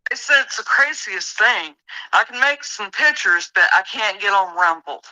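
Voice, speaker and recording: Bright Southern American woman. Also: medium pitch, lively intonation, normal speed, no echo, low-quality recording. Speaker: guest. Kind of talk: casual livestream chat.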